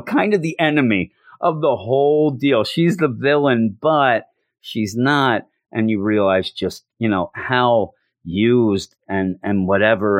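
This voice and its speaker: A man giving an animated, emotional recap of a show, with frequent restarts. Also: lowish voice, no echo, studio quality. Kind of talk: casual episode recap.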